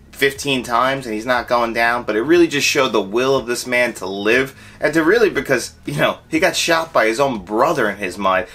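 A young adult man talks through a film review in a casual, chatty way. His voice has a bright, forceful edge. He gets animated and acts out his own reactions as he goes. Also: mid-range voice.

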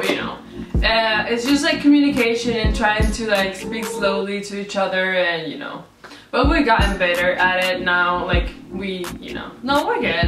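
Chatty young woman vlogger, roomy sound. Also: medium pitch. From Venezuela. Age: young adult. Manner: chatty, frequent "like" fillers, animated quoted reactions. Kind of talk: casual storytelling to camera. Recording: roomy echo, mic at a distance, music behind.

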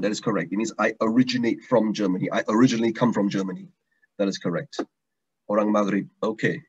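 Over a video call, a man teaches an online language taster class, talking fast with a fairly low, steady voice and a breathy edge. He's chatty, repeats words, and restarts often, with dull lo-fi stream audio.

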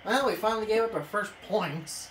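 A woman commentating her own video game play, excitable, swearing and yelling at the screen. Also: medium pitch, fairly quick. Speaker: gaming video creator. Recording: echoey room, off-mic, faint hiss.

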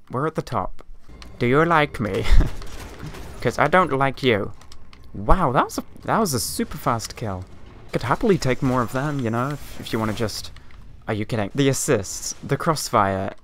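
Excitable young man, lively gaming chatter. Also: mid-range voice, a little hiss or hum. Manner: excitable, chatty, exclaims at the game. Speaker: gaming video creator. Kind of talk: gameplay commentary. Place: home room with TV and a hot light. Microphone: mic placed below him, leans in.

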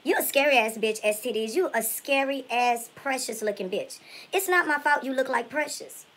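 A woman's voice: sits high, normal speed, fairly bright tone, rough recording. A woman impersonating a brash, foul-mouthed woman vlogger in a comedic spoof, ranting at her haters with nonstop profane insults. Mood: furious. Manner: profane, insult-hurling trash talk.

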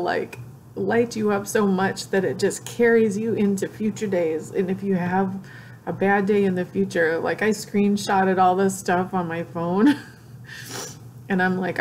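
A woman vlogging in an emotional, gushing way, tearful and crying as she talks with excited exclamations. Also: on the low side, unhurried, a little hiss or hum. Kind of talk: emotional casual vlog.

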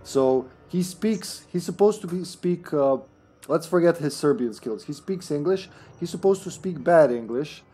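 A man's voice: fairly high pitch, lively intonation, dark tone, husky. A man streaming a co-op game, chatting casually and joking with friends. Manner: joking, laughs often, quick asides. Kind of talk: casual gaming chat.

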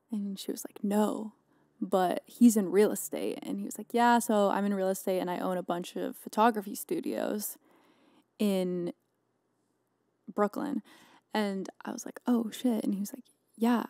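A woman's voice: medium pitch, warm tone, dry recording, clean studio sound. A young woman hosting a podcast, telling a rambling casual story full of "like" fillers. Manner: rambling, chatty, lots of "like" fillers. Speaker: podcast host.

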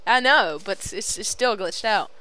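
A woman's voice: mid-range voice, normal speed, noisy background. A young woman chatting casually over a voice call while playing a game, teasing her friend and taunting enemies on screen. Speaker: gamer recording a let's play.

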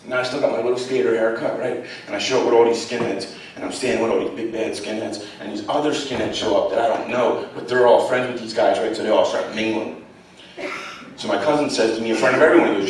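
A man's voice: on the low side, fast talker, a little hiss or hum. A man, telling blunt, profane stories to students with laughs along the way. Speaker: guest speaker. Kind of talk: storytelling talk to students. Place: college lecture hall. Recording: echoey hall, distant mic.

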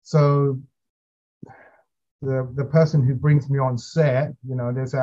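A man's voice: medium pitch, little pitch movement, a little slow, warm tone. Hesitant man guest, dull lo-fi sound. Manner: hesitant, many fillers and restarts, chatty. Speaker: interview guest, actor. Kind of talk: casual interview chat.

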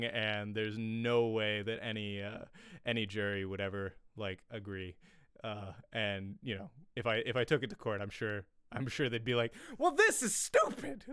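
A man's voice: mid-range voice, fairly bright tone, smooth, dry recording, clean studio sound. A man teaching a casual online acting lesson. He rambles, using lots of fillers and repeated restarts.

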